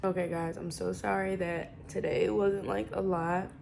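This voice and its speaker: A young woman vlogs in a chatty, rambling, slangy way, poking fun at herself and sounding a little sniffly from allergies. Her voice is lowish with vocal fry, barely moves in pitch, and keeps a measured pace. The recording is very noisy.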